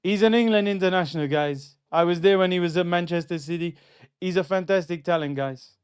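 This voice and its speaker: A man doing a hurried impression of a male football manager, with a put-on foreign accent and repetitive coaching phrases. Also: high voice, clean tone, close to an everyday voice. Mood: earnest. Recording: slightly dull lo-fi sound.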